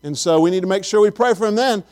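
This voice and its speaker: A middle-aged pastor with a notably high voice for a man, preaching in a homey, conversational way. He tells stories and talks straight to his congregation. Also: quick pace, a little mellow. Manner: folksy, storytelling, chatty with the congregation. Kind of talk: sermon.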